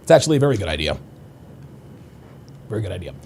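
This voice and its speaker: A man's voice: low voice, very animated, fast talker, a little mellow, slightly rough. A man hosting a live stream, reading out viewer comments and swearing freely as he answers them. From United States. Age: adult. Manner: profane, combative when angered.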